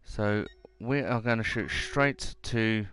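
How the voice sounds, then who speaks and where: A man's voice: fairly low pitch, takes it slowly, fairly bright tone. A man giving casual, rambling gameplay commentary and reading mission text aloud.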